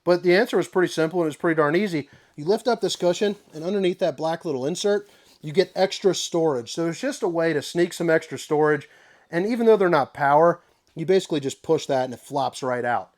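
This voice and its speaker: A man's voice: a little high, a little fast. A young man selling RVs, giving an upbeat, rambling walkthrough tour of a trailer. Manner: upbeat, enthusiastic, rambling asides. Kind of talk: casual product tour.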